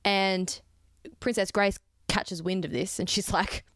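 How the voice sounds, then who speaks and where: A woman's voice: mid-range voice, fairly even intonation, measured pace, a bit bright, smooth, no room sound, clean studio sound. A young woman chatting as a podcast co-host, telling a history story with playful asides. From Australia. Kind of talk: casual chat.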